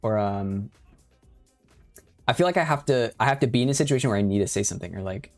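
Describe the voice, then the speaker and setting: A man's voice: on the low side, animated, fast, faint music behind. A young man casually chatting and rambling on a livestream, tossing in Spanish phrases and playfully rolling his R's. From Spanish and Sicilian family background.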